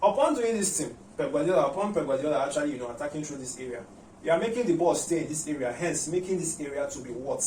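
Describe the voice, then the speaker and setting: A man giving a tactical football match preview, talking in an animated way, repeating words and using many "you know" fillers. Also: on the high side, fast talker, a little hiss or hum. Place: room at home. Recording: roomy echo, mic at a distance.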